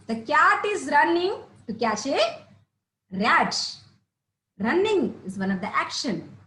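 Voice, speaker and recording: A woman teacher giving a slow, repetitive lesson to young children, often asking them questions. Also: high voice, sharp tone, echoey room, poor audio.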